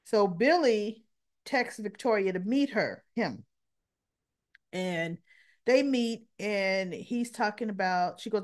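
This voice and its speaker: Slow-talking woman recapping soaps. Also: medium pitch. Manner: chatty, with offhand dismissive asides. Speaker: soap opera recap vlogger. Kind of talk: casual recap chat. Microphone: camera mic.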